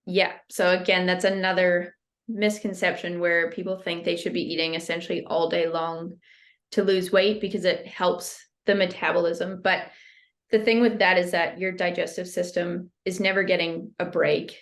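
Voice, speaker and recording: Female guest expert, low-pitched, steady and casual, explains things plainly. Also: normal speed. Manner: steady, explanatory, uses "like" often. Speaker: health guest.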